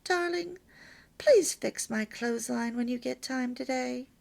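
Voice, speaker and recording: A woman voicing an affectionate wife who asks her husband for things gently. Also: a little high, expressive, unhurried, gravelly, breathy edge, exaggerated voice. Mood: sweet. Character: sweet, affectionate young wife speaking gently.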